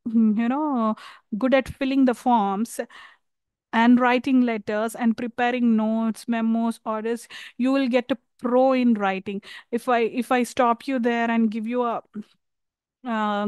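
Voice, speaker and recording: A woman from India with an Indian English accent, giving a university lecture on English communication skills, pausing often with fillers and restarts. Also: on the high side, darkish tone, clean tone, dry recording. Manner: hesitant, many fillers and restarts.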